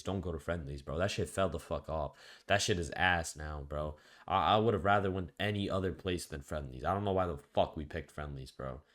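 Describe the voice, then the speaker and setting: Young male vlogger, low voice, slangy profane storyteller with loud outbursts. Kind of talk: casual storytime monologue.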